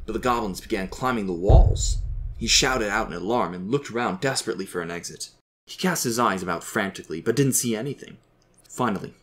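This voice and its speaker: A man reading a scripted story aloud as narrator, telling it in a steady voice. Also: fairly low pitch.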